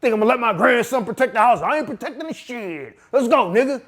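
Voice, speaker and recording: A man voicing his blunt, commanding old-school grandfather, gruff and profane. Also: very high voice, animated, fast talker, fairly bright tone, pitched above the performer's own voice, exaggerated voice. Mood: fierce. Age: older. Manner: gruff, profane, takes charge.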